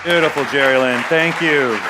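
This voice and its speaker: A woman's voice: low voice, moderate pace, over a noisy crowd, very noisy. A woman minister giving a conversational Sunday sermon, asking the congregation questions and leading them in recitations. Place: church sanctuary.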